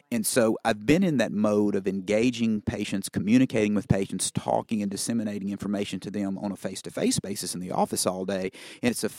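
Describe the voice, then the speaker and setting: A middle-aged Southern man, a family doctor from Mississippi, answers interview questions with easygoing anecdotes and folksy asides. His voice sits fairly low, and it is recorded close and dry with no room sound. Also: a little mellow, no room sound. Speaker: family physician and broadcaster.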